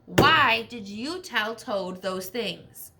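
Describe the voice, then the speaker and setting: A woman voicing a bossy female alligator in a children's story, with a sharp, scolding way of talking. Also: fairly high pitch, animated, extremely slow, heavy background noise.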